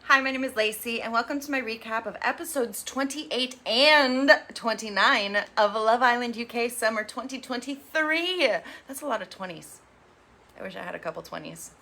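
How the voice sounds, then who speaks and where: A young woman hosts a casual TV recap in a bright, clear voice. She is chatty and sarcastic, and she slips into quick impressions of the people she quotes. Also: fairly high pitch. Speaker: recap host.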